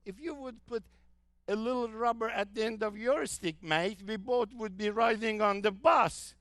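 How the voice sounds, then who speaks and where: A quick-witted blind Australian man throws out a loud, punchy comeback in a raised voice, as a man acts him out. The sound is smooth and close. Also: high voice, no room sound, pitched above the performer's own voice. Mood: cheeky.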